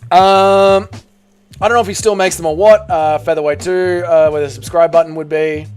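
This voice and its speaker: Animated Australian man hosting a live stream. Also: fairly high pitch, normal speed, clean tone, soft background music. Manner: animated, reads and answers viewer chat, swears casually. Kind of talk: casual live-stream chat.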